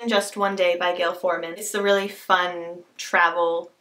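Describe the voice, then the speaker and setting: Woman, bright voice, casual book vlog, gushing, self-deprecating, camera mic. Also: lowish voice, little pitch movement, unhurried. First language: not Scottish, cannot do the accent. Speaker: book vlogger.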